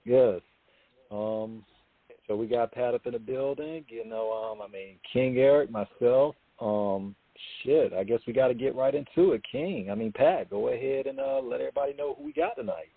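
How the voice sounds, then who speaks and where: A man's voice: medium pitch, normal speed, creaky, slightly rough, dry recording. A man co-hosting a radio show, effusive and thankful, talking casually. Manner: effusive, thanks everyone over and over. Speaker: co-host. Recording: tinny phone line, dry.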